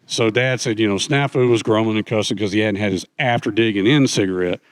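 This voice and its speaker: A middle-aged man telling anecdotes in a relaxed conversational way, animatedly acting out the voices of people he quotes. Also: fairly low pitch, a little fast, no room sound. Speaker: guest speaker, author. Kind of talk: conversational storytelling.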